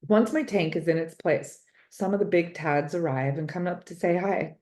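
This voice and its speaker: A woman reading a children's storybook aloud, expressive and drawing out words for effect. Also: on the low side, moderate pace. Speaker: storybook reader.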